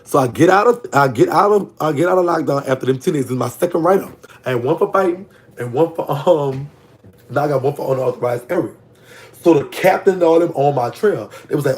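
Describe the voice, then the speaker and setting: This prison-story vlogger, who has a Louisiana Southern accent, talks a little fast with a voice on the high side. His storytime chat is casual and gossipy, and his pitch leaps when he responds to comments.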